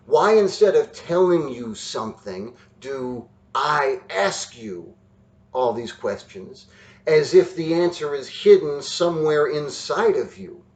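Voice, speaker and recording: A male teacher giving a recorded lesson, explaining slowly and deliberately with emphatic stresses. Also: on the high side, expressive, a little mellow. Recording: roomy, distant, dull sound.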